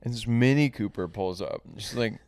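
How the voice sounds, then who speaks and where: A man with a smooth, clean voice, heard close and dry with no room sound. He co-hosts a casual podcast and tells loose, rambling stories, often laughing through them. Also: fairly low pitch, moderate pace, a little mellow, no room sound. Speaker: podcast co-host. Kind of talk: casual chat.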